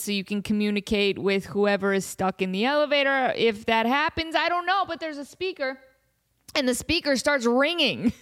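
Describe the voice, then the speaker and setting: Giggly woman telling a funny story. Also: a little high. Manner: giggly, animated, laughs often mid-sentence. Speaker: podcast host. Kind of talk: casual comedic storytelling.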